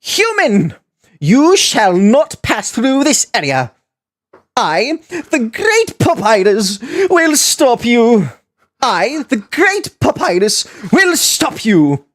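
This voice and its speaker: Papyrus, a woman doing a booming pompous skeleton. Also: very animated, slow. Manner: booming, theatrical, flamboyant. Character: loud pompous male skeleton, excitable and grandiose. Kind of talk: voice acting audition takes.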